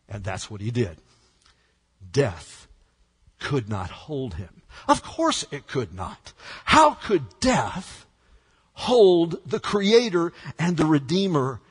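High-voiced, husky male pastor preaching, big dramatic swings, echoing church hall. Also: very animated, slow pace. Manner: dramatic, swings from hushed to shouted. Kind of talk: sermon.

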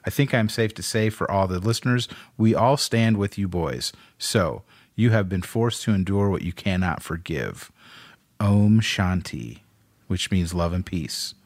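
A man's voice: sits low, moderate pace, no echo, studio quality. A man co-hosting a podcast in casual chat, reading out listener lists with loose laughter and free swearing. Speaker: podcast co-host.

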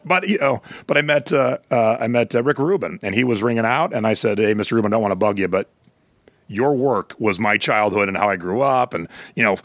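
A middle-aged man with a fairly low voice spins anecdotes in relaxed podcast chat, switching into lively quoted voices. The sound is dry and close, with no room around it. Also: a little fast, dry recording. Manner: storytelling, animated quoted voices. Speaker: podcast co-host. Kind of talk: casual chat.

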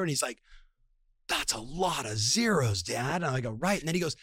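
A man's voice: medium pitch, a little fast, breathy edge, dry recording, clean studio sound. A man in his late thirties telling a family story and giving a motivational talk, acting out the dialogue as he goes. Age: 30s. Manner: animated storyteller, acts out dialogue. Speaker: podcast guest.

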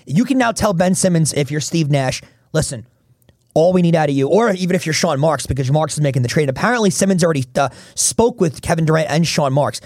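Man, sports podcast host, fast and emphatic, slightly high voice, dry close sound. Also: lively intonation, a little mellow, no room sound. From Philadelphia area. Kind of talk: casual sports talk.

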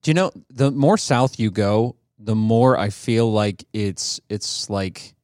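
A man's voice: fairly low pitch, takes it slowly, darkish tone, no room sound, studio quality. A man hosting a podcast, chatting in a playful, joking way with frequent restarts. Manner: playful, jokey, rambling restarts. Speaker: podcast host. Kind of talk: casual chat.

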